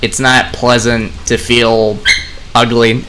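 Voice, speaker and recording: A man's voice: mid-range voice, takes it slowly, noisy background. A young man talking casually to his viewers while playing a game, rambling between gameplay and opinions. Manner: relaxed, rambling, talks to viewers. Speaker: gaming vlogger.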